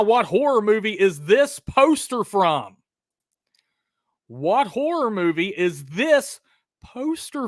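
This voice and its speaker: A man's voice: high voice, fairly bright tone, no room sound, studio quality. A man hosting a live horror trivia stream, hyped and chatty, calling viewers brother and dude.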